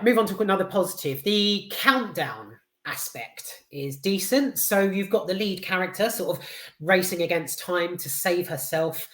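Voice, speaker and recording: Rambling woman reviewing a film, roomy sound. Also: lowish voice. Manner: rambling and hesitant, many fillers and restarts; enthusiastic with casual swearing. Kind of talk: casual spoken film review. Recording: roomy echo.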